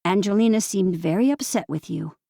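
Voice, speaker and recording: A cautious middle-aged wife, measured and firm yet kindly, as a woman reads her. The voice is gravelly and mellow. It sounds dry and close on an audiobook. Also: medium pitch, no echo.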